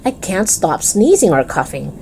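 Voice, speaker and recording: A woman's voice: on the low side, very animated, moderate pace, creaky, warm tone, slight background noise. A woman reading a sniffly schoolboy with a cold. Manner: sniffly, reluctant, sneezing. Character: young schoolboy with a bad cold.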